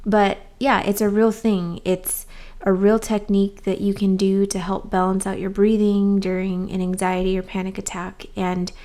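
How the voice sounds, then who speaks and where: A woman's voice: medium pitch, little pitch movement, normal speed, mellow. A young adult woman talking casually and candidly to her viewers as a YouTuber, with frequent ums and likes. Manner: candid and chatty, with many "um" and "like". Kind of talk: casual chat to camera.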